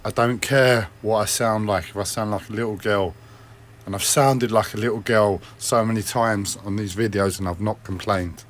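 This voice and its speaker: A man speaking alone on a personal livestream vlog. He rambles, criticises himself, swears often, and keeps clearing his throat and coughing. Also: fairly low pitch, steady tone, normal speed.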